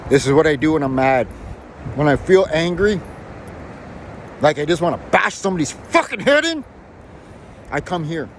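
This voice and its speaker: A man's voice: fairly high pitch, very animated, moderate pace, pauses often, a little hiss or hum. A man from Canada delivering a heated, profane, defiant rant to camera outdoors. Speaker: video blogger. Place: outdoors in a built-up area.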